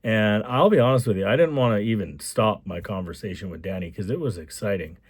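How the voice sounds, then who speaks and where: A man's voice: fairly low pitch, brisk, husky, no room sound. A man from Alberta, Canada, who owns a construction company, telling a rambling, enthusiastic story in a casual vlog. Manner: rambling and enthusiastic, with repeated asides.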